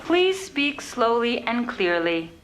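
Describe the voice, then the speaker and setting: A woman playing a polite, unflappable elevator voice system in a comedy sketch, speaking in calm, clipped automated announcements. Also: on the high side, slow, over a noisy crowd. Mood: prim, mechanical. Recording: noisy sketch-show soundtrack.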